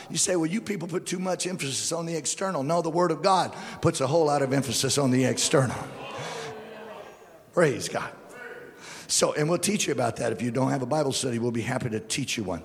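A man preaching a sermon, swinging between low, quiet stretches and loud, impassioned peaks. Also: a little fast. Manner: impassioned, rises to near-shouting then drops low. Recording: long hall reverb.

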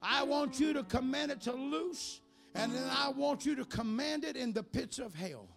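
A man preaching at a church service, telling stories with animation and building to shouted preaching. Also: very high-pitched, animated, moderate pace, gravelly. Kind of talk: sermon with storytelling. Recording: music under the preaching. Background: church music.

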